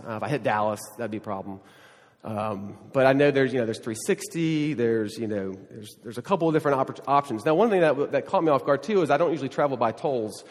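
A pastor giving a sermon, telling a rambling personal story full of restarts and self-deprecating asides. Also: male voice, mid-range voice. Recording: long hall reverb.

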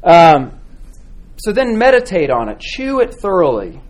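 Guy teaching a church class, kinda high voice, lots of ums and restarts. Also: wildly swooping pitch. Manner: halting, many fillers and restarts, warm encouraging replies. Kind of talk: Sunday school class teaching.

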